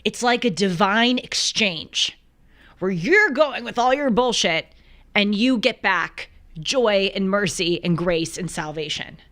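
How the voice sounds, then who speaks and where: A woman's voice: medium pitch, animated, slow, fairly bright tone. A woman doing an impression of an older Bronx man with a devout, colorful way of talking, in an attempted Bronx accent. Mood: earnest preaching. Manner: emphatic, colorful, preachy delivery. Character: older Bronx rock singer, devout and salty.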